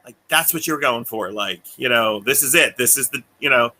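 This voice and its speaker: Bright-voiced rambling man. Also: medium pitch, moderate pace. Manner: rambling, often laughs and acts out quoted voices. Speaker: podcast co-host. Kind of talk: casual chat.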